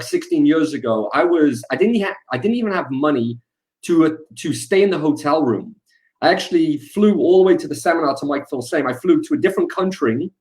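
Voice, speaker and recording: Guy on a video call, guest in a live interview, all hyped up and energetic. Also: medium pitch. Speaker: guest speaker. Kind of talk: livestream interview.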